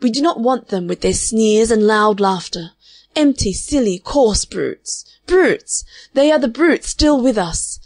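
A woman reading an audiobook, voicing a fervent, prim spinster who preaches against men in a high-strung, vehement way. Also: animated, measured pace, darkish tone, no room sound. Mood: scornful. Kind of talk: audiobook character voice.

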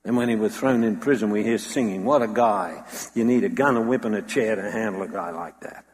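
A man's voice: fairly low pitch, brisk. A man preaching a sermon with dramatic storytelling, acting out the voices he quotes. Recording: long hall reverb.

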